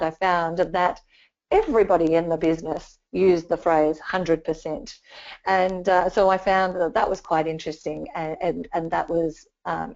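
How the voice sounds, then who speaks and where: A woman's voice: on the low side, a little mellow. A woman giving a communication training webinar, talking conversationally with lots of fillers and restarts. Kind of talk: webinar presentation. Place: home or office, remote webinar. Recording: dull lo-fi webinar audio.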